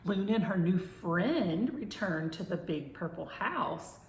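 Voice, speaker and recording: Slow, gentle woman reading a storybook. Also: lowish voice, expressive, slight background noise. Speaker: children's storyteller. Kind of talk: reading a children's story aloud. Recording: roomy echo.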